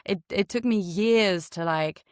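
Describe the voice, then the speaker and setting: A woman voice actor, by birth, talking in a chatty, animated way in a casual interview. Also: medium pitch, a little slow, no room sound, studio quality. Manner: chatty and animated, laughs often. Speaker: voice actor guest.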